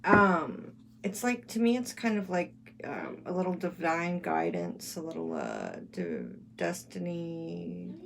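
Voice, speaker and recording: A woman's voice: fairly low pitch, sing-song, slow, creaky. A woman giving a casual tarot reading, musing and thinking aloud as she lays out cards. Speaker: tarot reader. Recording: loud background noise.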